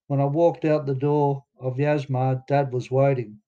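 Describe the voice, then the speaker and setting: A man's voice: mid-range voice, level tone, unhurried, warm tone, muffled recording. A man with an Australian accent narrating his own story in a plainspoken, casual way with some swearing. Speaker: memoir narrator. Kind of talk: audiobook narration.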